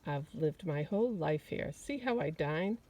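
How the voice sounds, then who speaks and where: A woman voicing a small, cheeky rabbit in a read-aloud picture book, squeaky and indignant. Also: expressive, measured pace, dark tone.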